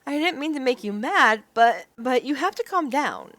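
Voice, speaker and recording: A woman's voice: sits high, lively intonation, normal speed, a bit bright, no room sound, voice pushed up. A woman voicing a nervous, earnest young heroine who stammers and pleads, reading a visual novel aloud. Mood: flustered.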